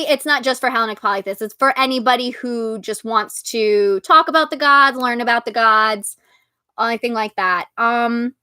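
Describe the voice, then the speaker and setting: On her own live stream, a young host talks in a voice on the high side with a sharp tone, giggling frequently and peppering everything with "like." It's a chatty, laughter-filled delivery, captured in a dry, studio-quality recording.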